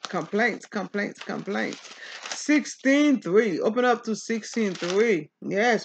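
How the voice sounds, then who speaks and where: A woman pastor reading a Bible chapter aloud and explaining it, talking back to the text in an animated preaching manner. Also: mid-range voice, lo-fi sound.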